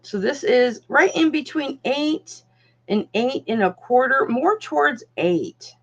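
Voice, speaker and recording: A woman with a high voice and lively intonation speaks slowly while hosting a live online jewelry auction. She keeps the selling chat casual and calls viewers darling, honey and doll; the sound is dull and lo-fi.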